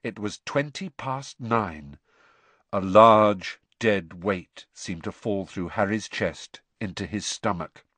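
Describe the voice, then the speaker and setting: An audiobook narrator giving a dramatic, expressive scripted reading of a story. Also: low-pitched, slow, no echo.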